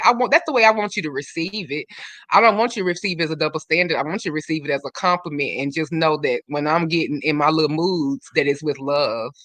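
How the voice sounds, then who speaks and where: Bright, animated woman host chatting. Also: low-pitched, no echo. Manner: animated, swears freely, slips into quoted dialogue. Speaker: livestream host. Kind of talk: casual livestream chat.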